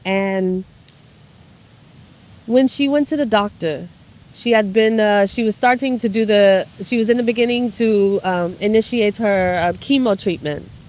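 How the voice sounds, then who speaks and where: A woman in casual conversation who tells a story in a halting way, with many fillers and restarts. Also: medium pitch, a little mellow.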